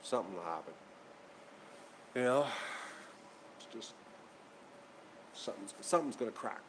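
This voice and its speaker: A man with a lowish voice and lively intonation talks casually to viewers of his channel at a moderate pace. He rambles and repeats himself as he gets worked up, and there's slight background noise.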